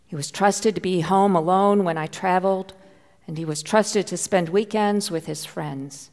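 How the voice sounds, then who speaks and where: Woman pastor, gravelly voice in a hall. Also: fairly low pitch, normal speed, darkish tone. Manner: personal storytelling, heartfelt, drops to near whisper at tense moments. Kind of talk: sermon. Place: church.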